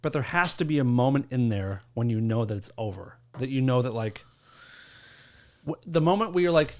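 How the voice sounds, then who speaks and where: Guy cohosting a podcast, rambly, swears a lot, dark jokes. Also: mid-range voice, expressive, moderate pace. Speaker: podcast co-host. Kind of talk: casual chat.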